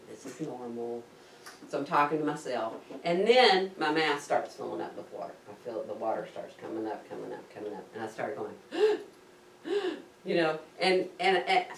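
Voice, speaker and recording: A woman casually telling a personal story to camera, animated and acting out her own gasps of panic. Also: low-pitched, far from the mic, slight background noise. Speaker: diving vlogger recounting her scuba course. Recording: roomy echo, speaker set back from the mic.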